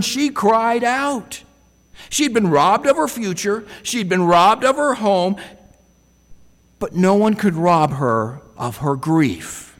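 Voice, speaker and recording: A man's voice: high voice, in a large hall. A man preaching a sermon in a reflective way, often putting rhetorical questions to his listeners.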